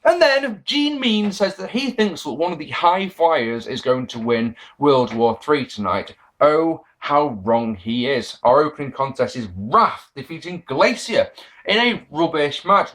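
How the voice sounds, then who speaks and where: Sarcastic man with a very lively voice. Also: fairly high pitch. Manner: sarcastic, profane, mock-quoting people. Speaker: wrestling show reviewer. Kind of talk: casual review monologue.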